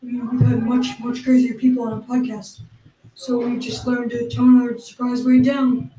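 A woman co-hosting an improvised comedy podcast, with halting, matter-of-fact explanations. Her voice is fairly high but mellow and very flat in pitch. She sounds roomy and distant from the mic. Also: slight background noise. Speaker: podcast co-host.

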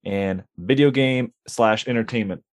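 A man's voice: fairly low pitch, measured pace, no echo. A man co-hosting a casual podcast, adding dry, joking asides. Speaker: podcast co-host.

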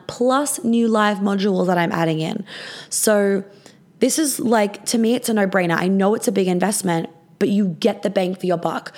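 A woman's voice: mid-range voice, a little mellow. A young adult woman hosting her own podcast from her apartment, chatting casually, swearing often, with many fillers. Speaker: podcast host and business coach.

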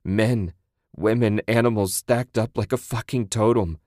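A battered young man on the edge of breaking, as a male storyteller plays him. He pants and sobs through a deep, low voice. The sound is dry and close. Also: normal speed, no room sound, natural voice. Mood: shaken. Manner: panting, shaky and sobbing.

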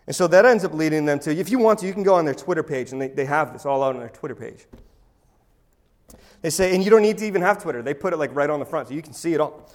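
A man delivers a sermon as pastor, his voice sitting noticeably high for a man. He speaks with emphasis and slips into sarcastic asides. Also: expressive, fast, a little mellow.

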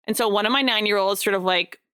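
A woman's voice: medium pitch, fast, clean tone. A woman in her thirties chatting casually, telling parenting stories and quoting herself to her kids. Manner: animated storytelling, quoting herself at length. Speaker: parent co-host. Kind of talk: casual chat.

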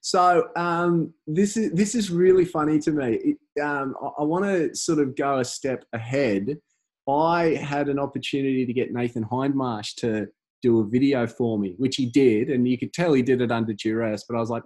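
A man in his thirties, a guest in a casual interview, talking in a halting way with many fillers and restarts. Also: fairly high pitch, a little mellow. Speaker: campaign organiser, guest.

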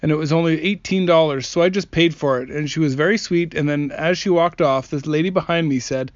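A man's voice: on the high side, brisk, hardly any pauses, no room sound. A man earnestly reading aloud stories from comments and adding his own remarks, with small slips and restarts now and then. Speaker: narrator reading viewer comments. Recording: dry, slightly dull lo-fi recording.

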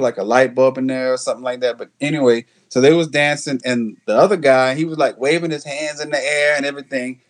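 A man with a Louisiana accent, a musician guest telling a story in casual chat, halting and restarting often. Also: mid-range voice.

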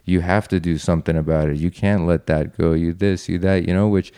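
Deep, even-voiced man telling his story. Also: a little fast, clear, resonant tone, no room sound, clean studio sound. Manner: earnest, reflective, frequent fillers. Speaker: podcast guest. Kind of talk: personal storytelling.

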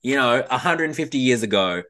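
A man co-hosting a casual podcast, telling a story in an animated way, acting out quotes and laughing often. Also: medium pitch, a little fast. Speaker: podcast co-host.

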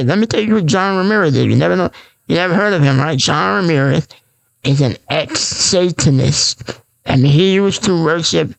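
Guy rambling on his own podcast, gravelly voice, lots of ums and repeats. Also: on the high side. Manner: rambling, repetitive, restarts and filler-heavy. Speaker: podcast host. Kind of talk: unscripted solo podcast chat.

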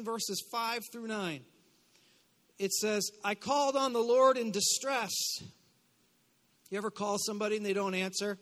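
A man preaching a live sermon as pastor, leading call-and-response declarations with chatty asides and bursts of shouting. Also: extremely high pitch. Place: church sanctuary. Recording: long hall reverb.

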